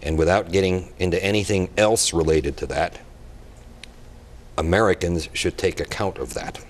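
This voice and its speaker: Very deep-voiced, blunt man. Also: normal speed, slight background noise. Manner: emphatic, blunt, impassioned. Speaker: guest expert. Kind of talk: TV talk show discussion.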